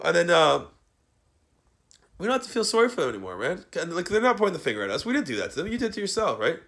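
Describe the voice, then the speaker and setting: A man on a rambling, profane rant, his fairly high voice leaping up and down in pitch. He lurches from loud bursts to low mutters and keeps ending sentences with "man.". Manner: profane, rambling, tags "man" onto nearly every sentence; swings between loud outbursts and low mutters. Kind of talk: rambling angry monologue.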